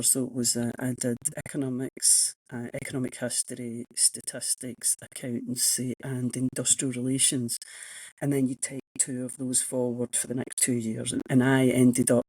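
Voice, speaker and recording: A Scottish woman in her sixties with a husky, slightly breathy voice, recorded dry and close. She spins frank, self-mocking anecdotes about her own path, chatty and unguarded. It sounds like an easy conversation on a podcast. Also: rumbling low, darkish tone, no room sound, rough recording. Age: 60s. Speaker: guest, economics professor. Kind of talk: casual interview storytelling.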